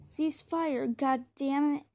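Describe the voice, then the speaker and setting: A woman's voice: fairly high pitch, level tone, normal speed, warm tone, natural voice. A woman reading aloud as a male army lieutenant who gives curt orders. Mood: angry. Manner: curt barked commands.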